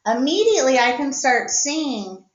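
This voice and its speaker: Woman teacher, slow patient explaining, fairly high voice, dull echoey room recording. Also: big pitch swings. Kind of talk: recorded reading lesson for young children.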